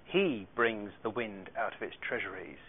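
A man's voice: on the low side, moderate pace, gravelly, breathy edge. Man teaching scripture over tinny audio. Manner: explanatory, reads scripture aloud, light asides. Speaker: Bible teacher. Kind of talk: Bible study teaching. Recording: tinny phone-like radio sound.

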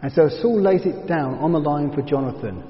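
A man's voice: fairly high pitch, lively intonation, moderate pace. Man teaching scripture in a reverberant hall. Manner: reflective, drops to a hushed tone for emphasis. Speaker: Bible teacher. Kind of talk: verse-by-verse Bible teaching. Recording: dull reverberant hall sound.

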